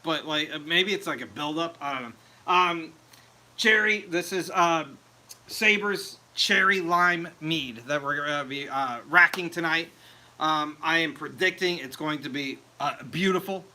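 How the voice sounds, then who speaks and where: A man's voice: fairly high pitch, measured pace, sharp tone. A man hosting a casual home mead-making livestream, chatting loosely and laughing at himself as he answers viewers. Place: home meadery.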